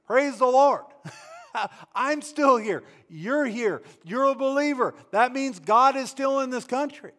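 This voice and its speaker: Preaching a sermon, this man has a fairly high-pitched voice that sounds pushed and bright. He is fervent, emphatic and animated yet unhurried, stumbling into restarts and repeating himself as he presses each point.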